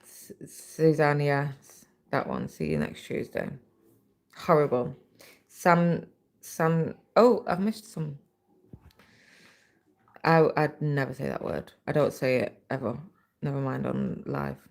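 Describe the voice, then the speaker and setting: Tired, chatty woman with creaky voice. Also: sits low, expressive, slow pace, pauses often. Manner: chatty, rambling, many fillers. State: tired, voice getting scratchy. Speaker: livestream host. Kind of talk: casual chat while stitching.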